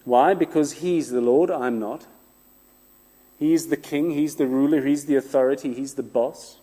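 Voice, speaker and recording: A man's voice: mid-range voice, measured pace. Preacher man in a reverberant hall. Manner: expressive, rhetorical repetition, self-deprecating humor. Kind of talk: sermon. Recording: long reverb of a large room.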